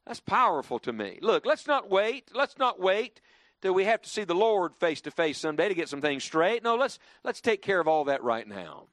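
Preacher, man, lively swooping delivery, slightly high voice, dry close sound. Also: moderate pace, dry recording. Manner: lively, rising and dropping emphatically, leading the congregation in call-and-response. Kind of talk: sermon. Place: church before a congregation.

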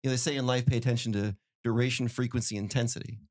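A middle-aged man co-hosting a podcast, telling stories in an animated way and repeating phrases for emphasis. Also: mid-range voice, rapid-fire. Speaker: podcast co-host. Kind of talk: casual podcast chat.

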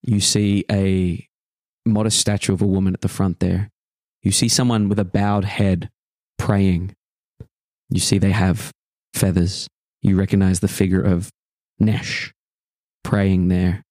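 A man narrating as game master of a tabletop game, describing a dream slowly with pauses. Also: low-pitched, level tone, a little mellow, no echo.

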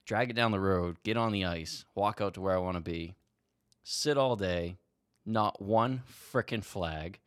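A man co-hosting a podcast, telling a long story in an animated way and swearing freely. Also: low voice, unhurried, clean tone, no echo, clean studio sound. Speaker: podcast co-host. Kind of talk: casual storytelling chat.

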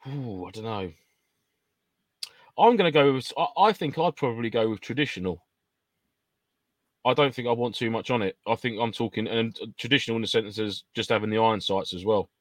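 A man's voice: medium pitch, a little fast, pauses often, no echo, studio quality. A man co-hosting a casual live stream, chatty and jokey, with frequent laughter. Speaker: co-host of a live airsoft stream. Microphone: in-ear monitor or earpiece.

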